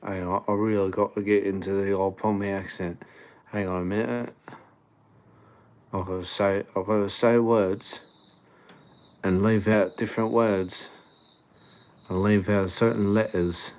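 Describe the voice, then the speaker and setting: A man's voice: fairly low pitch, flat delivery, unhurried, long pauses, darkish tone. An Australian man livestreaming, rambling and joking in casual chat. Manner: rambling, joking, laid-back.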